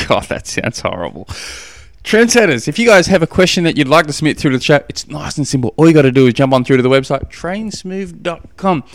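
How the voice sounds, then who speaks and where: A man's voice: a little high, big pitch swings, fairly quick, no echo. A man hosting his own podcast, answering a listener question in a casual, rambling, self-deprecating way with lots of fillers. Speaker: podcast host. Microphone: studio podcast microphone.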